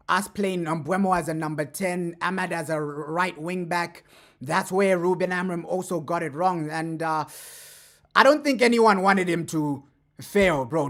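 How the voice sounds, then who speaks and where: A man giving casual fan commentary as a streamer reacting to clips, talking in a chatty way and tagging his sentences with quick asides. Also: high voice, fairly bright tone. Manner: chatty, keeps adding "bro" and "right?".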